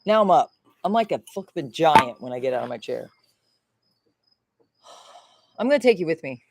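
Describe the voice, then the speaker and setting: A woman's voice: lowish voice, a little hiss or hum. A woman from Florida hosting a casual livestream, rambling and chatty and swearing freely. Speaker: livestream host.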